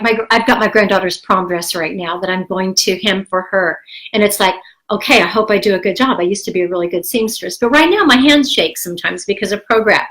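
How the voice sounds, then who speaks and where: Older woman, vlogger, has a cold, rambling and encouraging, mid-pitched. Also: a bit bright, low-quality recording. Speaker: health vlogger. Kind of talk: casual talk to camera.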